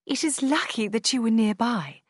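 A woman voicing a gracious, calm mother in a storybook reading, speaking gently and politely. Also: a little high, moderate pace, husky, dry recording, studio quality.

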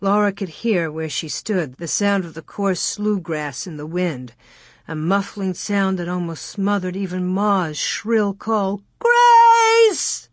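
Reading a children's novel aloud, a female audiobook narrator keeps an even, measured storytelling pace in a lowish voice. The scripted recording is studio quality, free of echo.

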